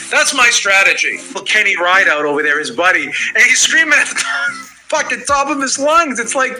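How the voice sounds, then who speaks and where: A man on a boxing panel telling animated stories in casual chat, mimicking people and laughing. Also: high voice, normal speed, faint music behind, low-quality recording.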